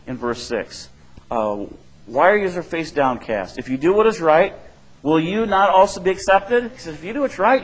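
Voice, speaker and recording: Preaching casually, this middle-aged pastor keeps turning to his listeners and performs the quotes he cites. His voice sits a little high, and the recording is rough.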